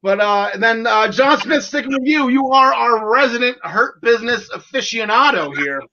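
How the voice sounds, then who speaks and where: A man in his forties hosting a casual wrestling podcast, excitable and jokey, with lots of fillers. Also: very high-pitched, moderate pace, a little hiss or hum. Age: 40s. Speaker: podcast host. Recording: lo-fi audio.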